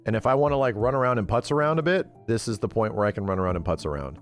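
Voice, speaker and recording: A man livestreaming in casual chat with his audience, animated and rambling, swearing freely and calling people bro and dude. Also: lowish voice, rapid-fire, soft background music.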